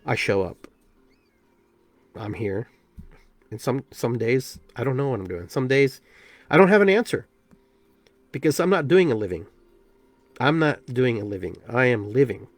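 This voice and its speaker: A man's voice: medium pitch, moderate pace, pauses often, no echo. Emphatic man giving spiritual advice. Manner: emphatic, animated, acts out quoted voices. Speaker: podcast host and shaman. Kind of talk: spiritual self-help talk.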